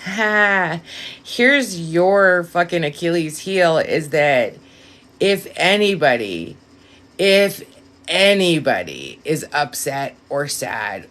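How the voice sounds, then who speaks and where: A woman with a slightly low voice hosts a casual live-stream reading. She talks straight to her viewers, blunt and quick to swear. Now and then she jumps up in excitement, then sinks into a quiet aside. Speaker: live-stream tarot reader.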